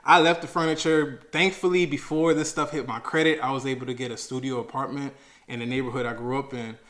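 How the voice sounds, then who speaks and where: A young man from Maryland tells his own story in loose, slangy speech. He acts out his past arguments, jumping up in pitch and loudness when he gets worked up. At the heavy parts he drops low and quiet. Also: steady tone, quick pace. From Maryland, USA. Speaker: storyteller sharing a personal finance story. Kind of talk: casual storytelling.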